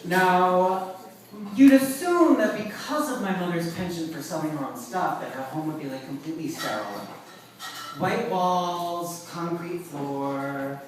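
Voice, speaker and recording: A man from Long Island telling a comic story on stage, wry and animated with self-mocking asides. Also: on the high side, unhurried, a little hiss or hum. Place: live performance venue with audience. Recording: echoey room, far from the mic, audience laughter.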